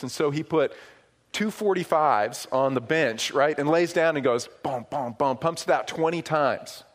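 A middle-aged man from upstate New York preaching a sermon, telling stories with swings from hushed asides to loud, emphatic points. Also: fairly high pitch, moderate pace. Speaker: pastor.

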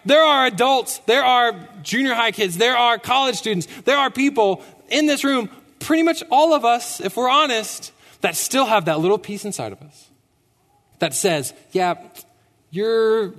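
Young male preacher, lively high delivery, long church echo. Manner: animated, emphatic, rhetorical "right?". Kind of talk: sermon. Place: church sanctuary.

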